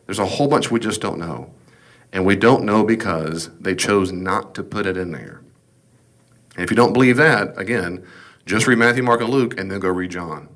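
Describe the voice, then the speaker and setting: A man's voice: low-pitched, moderate pace, a bit bright. A man teaching a Bible lesson as a pastor, in a conversational, emphatic style full of rhetorical questions.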